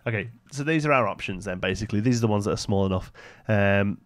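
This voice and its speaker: A man's voice: on the low side, fast talker, hardly any pauses. A young man live-streaming a building game, thinking aloud and chatting with viewers between frequent fillers. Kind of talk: casual live-stream commentary.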